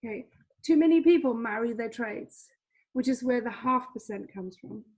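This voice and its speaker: A woman's voice: on the high side, moderate pace, darkish tone, husky. A woman teaching a trading lesson over a shared screen, chatty, repeating herself, with many fillers. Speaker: trading coach.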